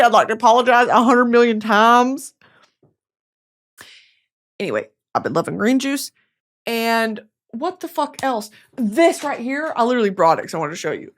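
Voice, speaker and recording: With a highish voice that swings widely in pitch at a normal speed, the young host delivers a chatty, comedic monologue on her podcast. She swears freely, throws in dramatic asides and puts on mock voices.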